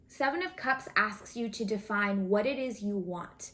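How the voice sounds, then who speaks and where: A woman's voice: mid-range voice, normal speed, fairly bright tone. A woman giving a casual, chatty tarot reading to her viewers, thinking aloud with fillers as she pulls cards. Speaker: tarot reader.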